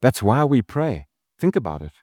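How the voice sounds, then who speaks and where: A man's voice: medium pitch, very animated, normal speed, dark tone, dry recording, studio quality. A man, a pastor, giving an earnest, conversational sermon with casual asides.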